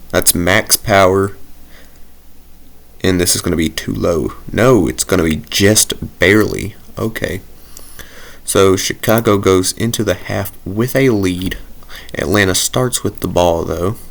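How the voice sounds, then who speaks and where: A man with a very low, deep voice talks through a football video game as he plays. He rambles, thinks aloud and jokes at his own expense in a loose, casual way. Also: creaky. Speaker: gaming commentator. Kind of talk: casual gameplay commentary.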